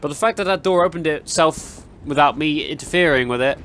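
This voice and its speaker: A man's voice: a little high, brisk, a bit bright, clean tone. A young man giving jumpy, exclaiming commentary while playing a horror game and talking to its characters. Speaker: gaming YouTuber.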